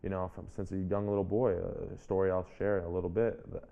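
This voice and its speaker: A man's voice: sits low, little pitch movement, fairly quick, creaky, narrow, tinny audio, slight background noise. A man in his twenties, an interview guest and speaker, telling a personal story in an earnest, reflective way and often restarting his phrases. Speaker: guest, public speaker and author.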